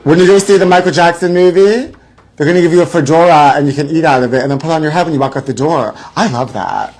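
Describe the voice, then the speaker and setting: A man's voice: a little high, fast, a little mellow, slight background noise. A man hosting a live celebrity gossip show, theatrical and mock-frightened, calling his viewers honey. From Los Angeles area.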